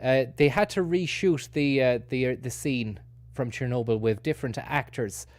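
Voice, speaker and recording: A man's voice: mid-range voice, moderate pace, dry recording. A man streaming, chatting loosely with lots of fillers and hesitations. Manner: rambling, many fillers, grateful. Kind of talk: casual stream commentary.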